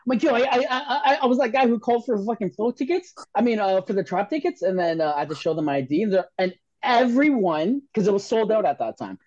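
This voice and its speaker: A man, telling a story on a podcast in an excitable, profane way and acting out the voices of the people in it. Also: high-pitched, fast talker, few pauses, no room sound. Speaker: podcast guest. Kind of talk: casual storytelling chat. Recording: dull, dry podcast audio.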